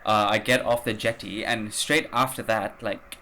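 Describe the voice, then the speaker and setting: A man's voice: lowish voice, fairly even intonation, normal speed, bright, forceful tone, slight background noise. A man hosting a podcast, telling a travel story in a rambling, casual way, swearing and using lots of fillers. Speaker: podcast host.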